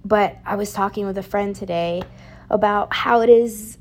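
A woman's voice: mid-range voice, fairly even intonation, moderate pace. A young woman hosting a casual solo podcast, chatty and rambling, laughing often, with a slight picked-up Southern twang. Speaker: podcast host.

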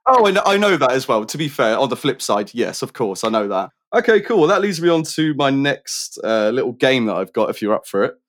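A British musician in casual conversation, chatty and rambling, with lots of fillers and restarts. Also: male voice, medium pitch, big pitch swings, brisk, few pauses. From Britain.

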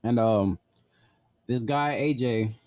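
A man's voice: medium pitch, takes it slowly, a little mellow, dry recording. A man casually telling a personal story, blunt and profane, full of "like" fillers.

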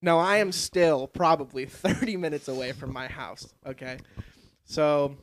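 A man's voice: on the high side, measured pace, a bit bright. A young man hosting a podcast, telling a story in casual chat and swearing freely. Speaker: podcast host.

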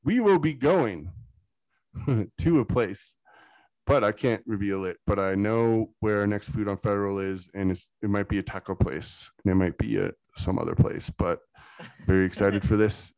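A man co-hosting a casual sports podcast, excitable and rambling, going off on tangents with hype talk. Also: on the low side, normal speed, dry recording, rough recording. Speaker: podcast co-host.

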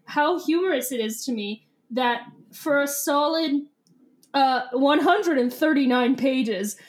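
A young woman co-hosting a podcast, chatting casually about a book, giggly and rambling. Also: sits high. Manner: giggly, rambling, quick to laugh. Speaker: podcast co-host.

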